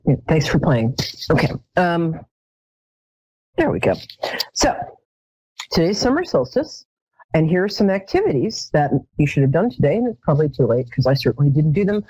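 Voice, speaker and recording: Low-voiced, wry psychic host woman. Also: dark tone, no room sound. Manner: wry, self-mocking humor with frequent ums. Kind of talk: casual live-show chat. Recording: dull, lo-fi webcam sound.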